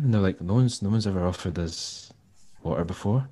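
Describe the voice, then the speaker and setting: A Scottish man, a musician and tour manager, telling stories in a relaxed, rambling way and acting out the people he quotes. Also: deep voice, brisk. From Scotland. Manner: rambling, laid-back, acts out quoted dialogue. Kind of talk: casual storytelling interview.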